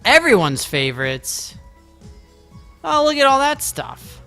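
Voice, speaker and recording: A man streaming a farming game, chatting casually and playfully, teasing his viewers and breaking into excited outbursts. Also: very high-pitched, takes it slowly, creaky. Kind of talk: casual live-stream chat. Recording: faint music behind.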